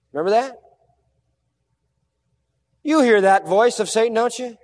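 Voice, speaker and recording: A man preaching a sermon, earnest and emphatic, dropping low and quiet to stress a point. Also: moderate pace, long pauses, in a large hall.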